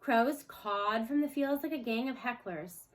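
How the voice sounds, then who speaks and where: A woman reading a children's novel aloud expressively, slowing for chapter titles. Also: fairly high pitch. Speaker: storyteller.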